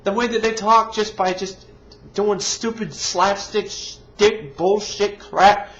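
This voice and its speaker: A man's voice: high-pitched, fairly even intonation, takes it slowly, fairly bright tone. A man reviewing a movie in an exasperated, profane rant full of sarcasm. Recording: dull lo-fi recording.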